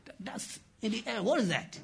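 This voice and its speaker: High, bright-voiced impassioned preacher man. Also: animated, normal speed, gravelly, breathy edge. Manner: impassioned preaching, calls out and asks the congregation questions; often shouts. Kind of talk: sermon.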